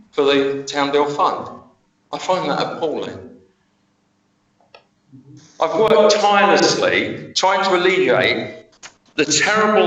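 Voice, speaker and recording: A man, a town councillor, giving an earnest and halting speech at a council meeting, then answering a challenge defensively. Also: a little high, fairly bright tone. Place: town hall council chamber. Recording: very echoey room, distant mic.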